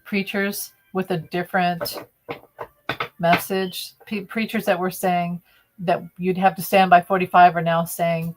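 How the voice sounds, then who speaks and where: A woman with a lowish voice reads tarot cards on a live stream. She talks in a loose, opinionated, chatty way and often restarts mid-sentence. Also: level tone, a little slow. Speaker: tarot reader.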